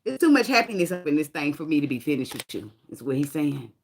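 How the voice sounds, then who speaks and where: A woman's voice: low-pitched, big pitch swings, fast, vocal fry, a little hiss or hum. A woman giving a casual tarot reading, blunt and profane, laughing often and sliding into dramatic sarcasm. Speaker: tarot reader.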